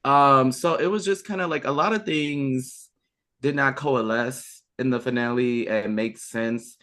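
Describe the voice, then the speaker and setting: A man's voice: mid-range voice, unhurried, a bit bright. A young adult man chatting as a podcast guest, enthusiastic, with frequent fillers and restarts. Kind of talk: casual chat.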